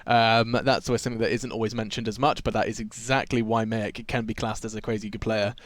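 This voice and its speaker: Quick-talking male esports co-caster. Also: on the low side, level tone, dry recording. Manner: quick, enthusiastic color commentary. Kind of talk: live esports commentary.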